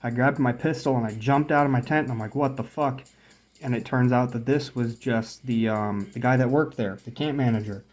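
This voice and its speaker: Dude telling a story, swears a lot, does the back and forth lines himself, average pitch. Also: male voice, a little fast, darkish tone. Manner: profane, acts out quoted dialogue; points out spots while telling. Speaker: vlogger. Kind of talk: casual storytelling.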